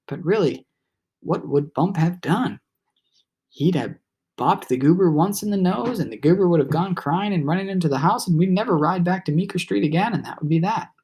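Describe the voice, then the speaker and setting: Male audiobook narrator, first-person storybook, reflective and steady, husky tone. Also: on the high side. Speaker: audiobook reader.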